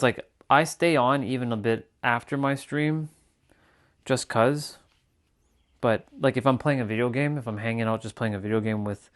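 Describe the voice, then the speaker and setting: A man's voice: mid-range voice, smooth. Rambling man chatting on a live stream. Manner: rambling, repeats phrases and restarts. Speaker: livestreamer. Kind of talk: casual live-stream chat.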